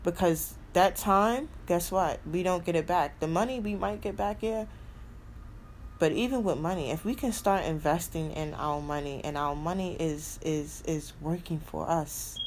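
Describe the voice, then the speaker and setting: A woman's voice: fairly low pitch, moderate pace, darkish tone, slight background noise. A woman hosting a podcast in a casual motivational monologue, emphatic, repeating her key phrases and swearing freely. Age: adult with a son. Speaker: podcast host.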